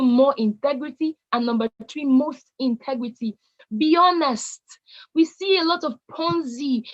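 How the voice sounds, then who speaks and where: Nigerian woman, bright high voice, emphatic motivational speaker rallying young people; dull lo-fi recording. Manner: emphatic, exhorting, repeats key words for stress. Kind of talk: motivational talk.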